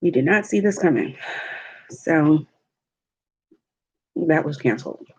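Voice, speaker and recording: A woman, a mother, telling stories in a relaxed, chatty way while eating on a livestream vlog. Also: deep voice, husky, dull audio. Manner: slow, chatty storytelling with laughs. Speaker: mukbang vlogger. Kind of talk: casual chat while eating. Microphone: livestream mic.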